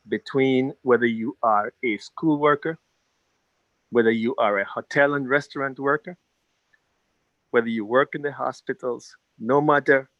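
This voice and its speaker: A man's voice: medium pitch, a bit bright, dull audio. A man who leads a labor union, giving an earnest, rallying speech over a video call at an online town hall and repeating his key phrases.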